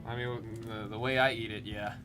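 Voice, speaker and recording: A man's voice: on the low side, little pitch movement, normal speed. A man hosting a live card-opening stream, chatting casually and rambling between calling out the names of cards as he pulls them. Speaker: live card break host. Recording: music playing under the voice. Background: background music.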